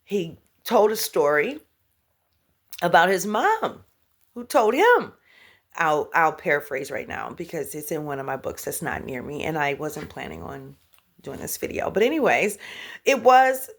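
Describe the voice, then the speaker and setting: Woman, middle-aged, motivational vlog, spiritual speaker, animated, lively rise and fall, sudden whispers. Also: sits low, unhurried. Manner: animated, laughing, drops into whispers.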